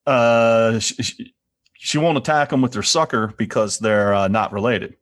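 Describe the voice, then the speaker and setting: A man co-hosting a podcast, casually talking through a TV episode in a hesitant, halting way with a wry edge. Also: medium pitch, steady tone. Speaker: podcast co-host. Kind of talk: casual chat reviewing a TV episode.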